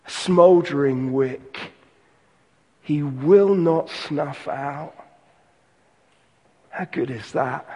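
A pastor giving an earnest sermon, slowing and softening on key lines. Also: male voice, on the high side, breathy edge, big-room sound.

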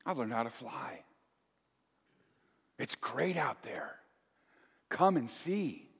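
A man voicing a little turtle who has learned to fly, calling his friends in a hushed, coaxing tone. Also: medium pitch, big pitch swings, takes it slowly, vocal fry, husky, big-room sound, heavily acted.

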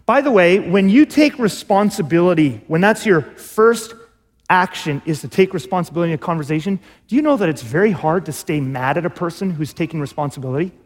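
A male pastor giving a sermon with a high voice. He talks to his congregation casually, asks them questions, and acts out quotes. The voice echoes with the long reverb of a hall. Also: animated, a little fast.

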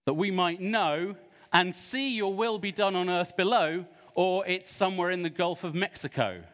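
A man's voice: high voice, moderate pace, fairly bright tone. Man playing a pompous serpent poet. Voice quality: pompous, hissing shushes. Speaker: children's church entertainer. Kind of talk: comic character performance. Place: large church hall. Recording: echoey hall.

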